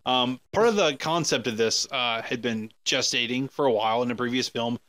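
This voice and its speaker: A man's voice: medium pitch, normal speed, fairly bright tone, no room sound. A man co-hosting a podcast, talking casually about a film in a rambling, jokey way full of fillers and restarts. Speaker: podcast co-host. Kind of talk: casual movie discussion.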